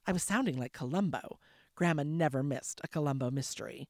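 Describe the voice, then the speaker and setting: A woman host reads a novel aloud in a low voice, steady and clear. She sounds relaxed between chapters, and the close mic sound is very dry. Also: fairly quick, no echo. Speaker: host and audiobook narrator. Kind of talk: audiobook narration.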